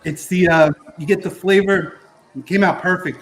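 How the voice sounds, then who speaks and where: Man, casual live-stream guest, rambling, filler-heavy, slightly high pitch. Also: steady tone, normal speed, low-quality recording. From Florida. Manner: rambling, filler-heavy, describes food while eating. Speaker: guest food correspondent.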